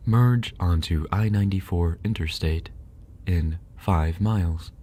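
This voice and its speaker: A man's voice: sits low, a little slow, warm tone, a little hiss or hum. A man doing a bossy car GPS voice. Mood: instructive. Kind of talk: ASMR livestream role-play.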